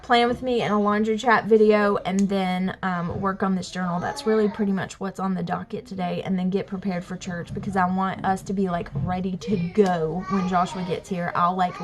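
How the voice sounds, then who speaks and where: Young southern mom from alabama rambling to her camera, full of y'all and like, faint noise behind. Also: medium pitch. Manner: chatty, rambling, says y'all and like a lot. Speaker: family vlogger. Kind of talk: casual chat to camera. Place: home, near kids in the bath.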